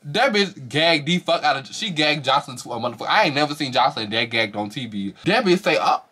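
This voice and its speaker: A man with a bright, forceful voice carrying a breathy edge speeds through a reality-show review laced with profanity. He does high-pitched impressions of the cast as he quotes them, and his casual commentary stays animated and slangy.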